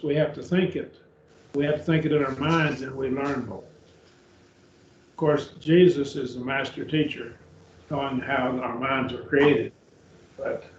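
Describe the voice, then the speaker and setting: A man teaching a Greek grammar class in a church classroom, speaking slowly and deliberately, repeating and spelling out words. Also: on the high side, a little mellow. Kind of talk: classroom lecture. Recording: echoey room, dull far-off mic, faint hiss.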